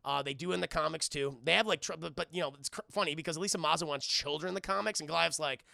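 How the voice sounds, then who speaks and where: High, very gravelly man talking to his chat. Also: racing, sharp tone, no room sound, studio quality. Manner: rambling, profane, keeps addressing the chat. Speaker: cartoon reviewer streaming live. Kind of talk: casual livestream recap.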